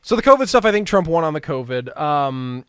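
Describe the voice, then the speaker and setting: A man's voice: on the high side, sing-song, fairly quick, fairly bright tone, clean tone, no room sound, studio quality. A man co-hosting a casual chat show, telling rambling stories and laughing at them. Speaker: podcast co-host.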